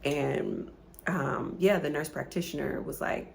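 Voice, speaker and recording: Woman vlogger around forty, deep voice with vocal fry; casual, earnest, halting delivery. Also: a little hiss or hum. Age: about 40. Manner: rambling, halting, repeats words. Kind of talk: casual chat.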